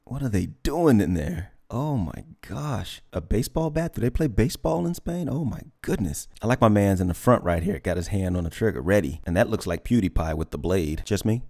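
A man's voice: deep voice, animated, a little fast, hardly any pauses, darkish tone. A man hosting a casual reaction video, laughing and swearing as he comments on a clip. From United States.

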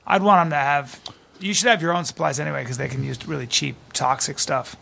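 A man in casual comedic podcast chat, throwing in quick jokes and asides. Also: fairly high pitch, vocal fry, sharp tone. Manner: quick joking interjections. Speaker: podcast co-host.

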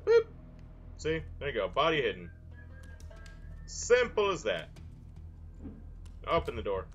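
A young man offers goofy, casual let's-play commentary on his gameplay, peppered with silly mild exclamations. His mid-pitched voice swings wildly in pitch, unhurried and slightly bright, on a muffled recording with soft music behind it.

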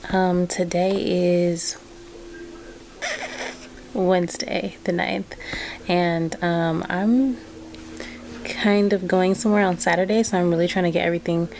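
A young woman talks to her camera at home in an easy, chatty way, her voice sitting a little low. She speaks straight to her viewers as friends. The audio comes from the camera, with household noise clearly audible behind her. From Southern California. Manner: chatty, laid-back, addresses viewers as girl and y'all. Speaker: vlogger. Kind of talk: casual chat to camera. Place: at home indoors. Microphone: camera on a stand.

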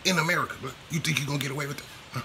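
A man's voice: fairly high pitch, fairly even intonation, rapid-fire, very noisy. A man vlogging a casual commentary rant, profane and repetitive in his street slang.

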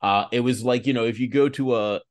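A man co-hosting a podcast in casual chat, animated, acting out the people in his stories. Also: medium pitch, fairly quick. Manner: animated storyteller, acts out quoted people. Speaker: podcast co-host.

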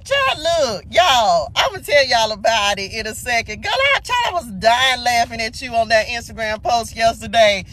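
High-voiced, bubbly woman livestreaming from a car. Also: sing-song, moderate pace, few pauses, a bit bright. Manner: exuberant, laughs often, greets viewers by name. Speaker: spiritual livestream host. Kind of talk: casual live morning message. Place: sitting in a car.

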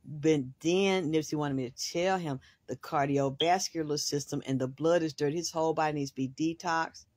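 A woman's voice: low-pitched, normal speed, slight background noise. Woman in a rambling profane monologue. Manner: excitable, swears freely, talks in long run-ons. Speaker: host, spiritual reader.

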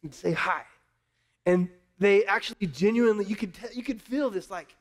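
Man, pastor, sermon, high-pitched, impassioned, candid, repeats words. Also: brisk.

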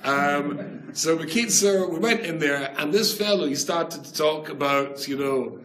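A rabbi giving an animated Torah class, telling stories and using Hebrew and Yiddish terms with emphasis. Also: male voice, fairly high pitch, measured pace, crowd noise. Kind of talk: Torah class, storytelling lecture. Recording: echoey room with faint noise.

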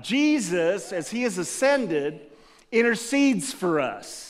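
A male pastor with a noticeably high speaking voice delivers a sermon full of lively personal storytelling, acting out scenes as he goes. His words ring out with a long reverb through a church sanctuary. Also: slow. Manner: lively storyteller who acts out scenes with laughter.

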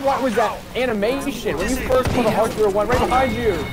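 A man's voice: very high voice, fast. A man in casual chat with friends while playing an online game. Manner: mock Russian comrade voice, joking. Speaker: gaming friend. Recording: game music behind.

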